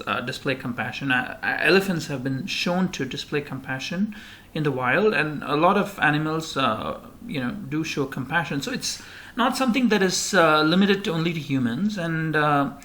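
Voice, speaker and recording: A man's voice: on the high side, a bit bright. A man giving a recorded slide lecture, rambling with many fillers and restarts.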